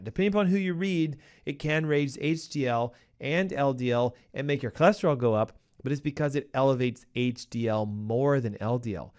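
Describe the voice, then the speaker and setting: A man's voice: on the high side, smooth. A man hosting a health advice show, talking emphatically and punchily straight to his listeners. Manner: acts out a panicking cardiologist in a raised voice. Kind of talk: energetic health advice talk.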